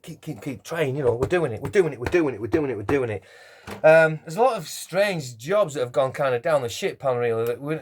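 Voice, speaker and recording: A man in his fifties, a singer and busker chatting casually between songs at a home lockdown gig, rambling and self-deprecating with cheeky swearing. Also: medium pitch. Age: 50s. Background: guitar.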